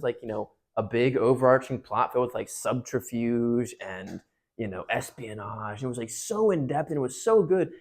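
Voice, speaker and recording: A young man giving a youth talk at a parish, emphatic and joking, jumping between loud outbursts and hushed asides. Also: medium pitch, gravelly, breathy edge. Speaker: parish speaker.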